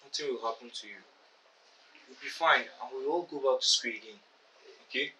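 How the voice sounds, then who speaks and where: A man's voice: mid-range voice, expressive, normal speed, bright, forceful tone, distant mic, a little hiss or hum, low-quality recording. A man, playing a young friend at a hospital bedside who speaks in a soothing, reassuring way. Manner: soothing, reassuring, repeats himself.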